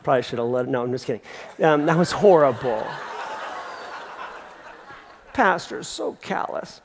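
Gravelly pastor preaching in a reverberant theatre. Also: male voice, medium pitch, normal speed, background noise. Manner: conversational, animated storytelling with emphatic repeats. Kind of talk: sermon. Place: large theatre. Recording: long hall reverb from a theatre.

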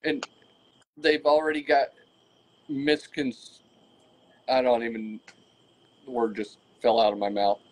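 A man's voice: medium pitch, flat delivery, slow, long pauses, low-quality recording. Man searching for words. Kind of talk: casual discussion.

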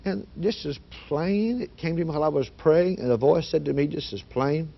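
A man telling an emotional personal testimony, shifting from hushed storytelling to loud, fervent prayer. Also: on the high side, normal speed, vocal fry, few pauses. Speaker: guest giving testimony. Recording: dull lo-fi 1980s broadcast audio.

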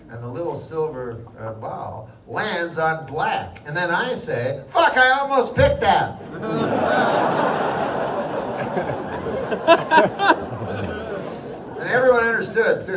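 A middle-aged man doing live stand-up with a deadpan, rambling delivery and mumbled fillers, heard in a large hall with a live audience. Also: on the high side, far from the mic, noisy background. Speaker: stand-up comedian. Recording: roomy live hall, loud crowd laughter.

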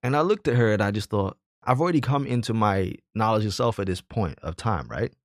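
A man talks straight into a dry, close mic with a low voice. He argues earnestly and builds his case from personal stories, pressing each point with rhetorical questions. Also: expressive, brisk, dry recording. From Jamaican heritage, raised in the hood. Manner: earnest, argumentative, tells personal anecdotes. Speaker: commentator. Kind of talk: opinionated personal commentary.

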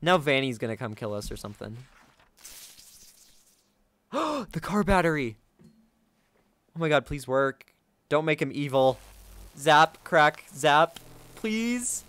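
A man giving let's play commentary as a gaming video creator, excitable, gasping and chatting to his viewers. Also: fairly high pitch, a little slow, long pauses.

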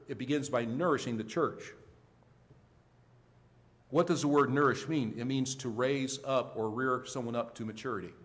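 A male pastor preaching a sermon with emphasis, swinging between loud, high rises and quiet, low drops. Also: in a large hall. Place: church sanctuary.

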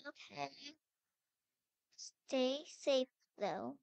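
Young woman, high and slow, role-playing a game while searching and calling out, with a smooth voice recorded close and dry. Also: fairly even intonation, no room sound, muffled recording. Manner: anxious, calling out, worried searching. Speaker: game player voicing her character. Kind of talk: role-play game narration.

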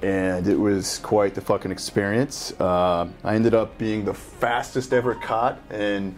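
Low-voiced man telling profane war stories. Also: level tone, unhurried. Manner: profane, swears constantly, loose storytelling. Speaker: special operations veteran reacting to a game. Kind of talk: casual reaction chat, storytelling.

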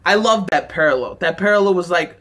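A man's voice: high voice, expressive, a little fast, fairly bright tone, soft background music. A man giving a casual, rambling, enthusiastic episode review, with lots of "like" fillers. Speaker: anime reaction reviewer.

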